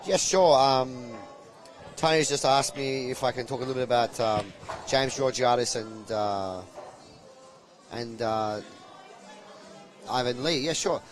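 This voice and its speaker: A man commentates a live pool match. He rambles and jokes, padding his talk with ums and uhs. His voice sits at an ordinary middle pitch. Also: a little slow, long pauses, faint music behind. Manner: chatty, rambling, jokey, with fillers.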